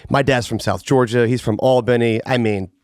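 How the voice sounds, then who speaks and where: A man from Atlanta hosting a podcast in a studio, relaxed and laughing easily. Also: mid-range voice, normal speed, no room sound. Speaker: podcast host. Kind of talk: podcast intro and casual interview.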